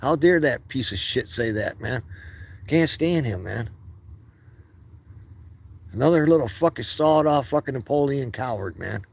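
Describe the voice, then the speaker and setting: A man's voice: mid-range voice, animated, a little slow, gravelly, pauses often, a little mellow. A man hosting his own video channel, speaking in a heated, profane monologue and often stumbling and restarting his words. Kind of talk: casual ranting monologue.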